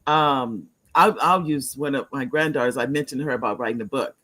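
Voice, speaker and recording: An older woman hosting a talk show, telling stories in animated casual chat and laughing often. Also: very deep voice, brisk.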